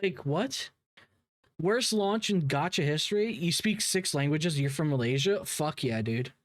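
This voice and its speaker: A man's voice: fairly high pitch, moderate pace, dry recording, clean studio sound. Profane young man giving casual commentary. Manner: rambling and profane, with frequent restarts and laughs. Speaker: drama commentary host.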